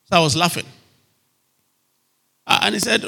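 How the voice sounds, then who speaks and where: A man's voice: a little high, expressive, normal speed, gravelly, pauses often, bright, forceful tone. A man preaching a sermon, emphatic and repetitive, often checking whether his listeners are still with him. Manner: emphatic, repeats phrases, asks the audience if they are still there.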